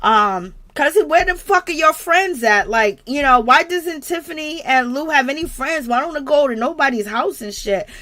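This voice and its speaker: A woman's voice: high voice, lively intonation, normal speed, hardly any pauses, pushed and bright. Blunt, profane woman livestreaming gossip. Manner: blunt, profane, laughing asides, greets chat viewers. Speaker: livestream host recapping a reality show. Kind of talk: casual livestream commentary.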